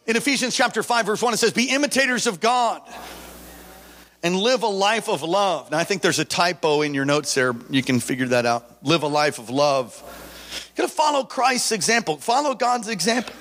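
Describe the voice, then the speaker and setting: A male pastor in his forties preaching a sermon, telling a story with lively acted-out moments and calling out to his congregation. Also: high voice, fairly quick. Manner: animated storytelling, acting out scenes, preaching to a congregation.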